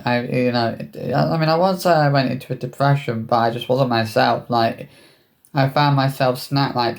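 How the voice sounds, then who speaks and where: Halting man telling a personal story. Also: medium pitch. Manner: halting, hesitant, many restarts. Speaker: vlogger.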